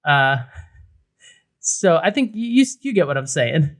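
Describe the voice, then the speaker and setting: Guy rambling about beer on a podcast, kinda high voice, lots of ums. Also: big pitch swings, unhurried. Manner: rambling, many fillers and restarts. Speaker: podcast co-host. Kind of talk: casual beer review chat.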